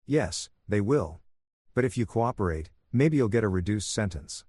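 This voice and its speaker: A man voicing a betrayed husband who speaks with calm, controlled menace, in a dry, close recording. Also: lowish voice, moderate pace, no room sound. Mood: menacing. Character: cold, vengeful betrayed husband, adult man.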